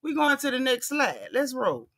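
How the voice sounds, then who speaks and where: Bright-voiced woman host, sassy and chatty. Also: high-pitched, normal speed. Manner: animated, sassy, talks straight to viewers. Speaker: host reacting to clips. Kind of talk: casual reaction commentary.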